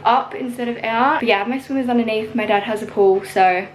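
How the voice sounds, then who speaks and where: A woman's voice: a little high, fairly quick, poor audio. A young woman, chatting casually to camera at home in a giggly vlog. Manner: chatty and giggly, says "like" often. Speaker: vlogger.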